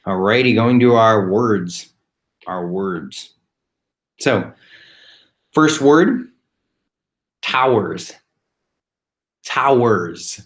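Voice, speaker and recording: A male teacher leads a children's phonics lesson at a slow, unhurried pace. His voice sits fairly low, and he spells each word out letter by letter with patient repetition. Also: lively intonation. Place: home, recorded remotely.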